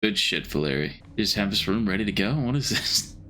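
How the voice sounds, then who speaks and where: A young man hosts a reaction video, and his tone is bright and forceful over a fairly low pitch. He talks in an excited, blunt way and swears freely. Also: fairly quick, a little hiss or hum. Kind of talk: casual reaction chat.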